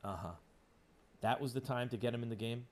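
A man's voice: medium pitch, steady tone, fairly quick, a little mellow. A man hosting sports talk radio, ranting with sarcasm and heat. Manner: emphatic, sarcastic, heated.

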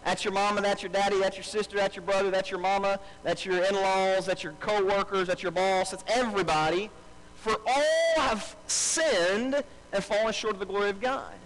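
A man's voice: high voice, fairly even intonation, moderate pace, fairly bright tone, rough recording. A male pastor preaching a live sermon to a congregation, repeating key phrases for emphasis and calling on the crowd to answer back. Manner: calls out to the congregation and asks for responses. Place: church service before a congregation.

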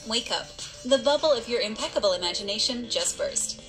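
Female countdown narrator, scripted and teasing, over a loud music bed. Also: a little high, expressive, fairly quick, low-quality recording. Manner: teasing, rhetorical. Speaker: video narrator.

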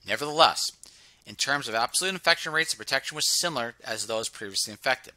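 A man hosting a video, reading a research paper aloud and commenting on it, stumbling and repeating words, sometimes slowing down to stress a phrase. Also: medium pitch, animated, pushed and bright, dry recording. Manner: reads passages aloud with frequent stumbles and asides; slows down to stress key phrases. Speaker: channel host reviewing research.

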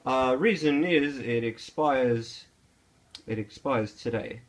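A young Australian vlogger talks casually while cooking in a small kitchen, rambling with plenty of fillers and slang. His voice is mid-range and unhurried.

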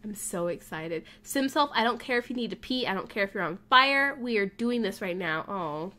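A woman casually commenting on her life-sim game, gushing and excitable over her pets. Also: mid-range voice, moderate pace. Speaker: gaming YouTuber. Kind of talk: casual let's play commentary. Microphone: desk mic, facecam.

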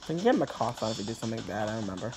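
A young man giving casual let's-play commentary, excitable, laughing a lot and swearing. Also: fairly low pitch, rapid-fire. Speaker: gaming YouTuber.

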